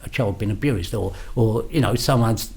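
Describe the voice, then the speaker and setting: An older Londoner, a former gangster appearing as a podcast guest, recounts his past bluntly in a storytelling interview. His voice is warm and on the low side, with vocal fry and a moderate pace, and he acts out the exchanges he quotes.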